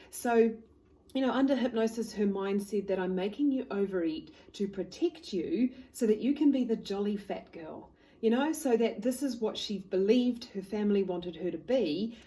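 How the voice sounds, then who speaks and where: A woman hypnotherapist, calmly telling a client's story to the camera. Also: mid-range voice, low-quality recording. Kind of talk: talking to camera, case story.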